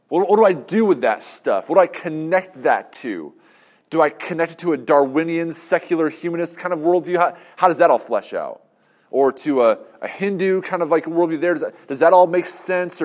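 A man giving a talk on faith and ethics, earnest and conversational, asking rhetorical questions and restarting his phrases. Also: mid-range voice. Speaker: speaker on Christian apologetics. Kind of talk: lecture with audience Q and A.

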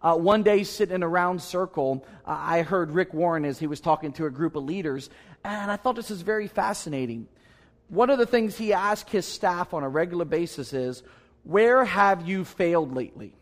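A man's voice: sits high, expressive, fairly quick. A man preaching a sermon as a pastor, telling a personal story in an earnest, conversational way with emphatic asides.

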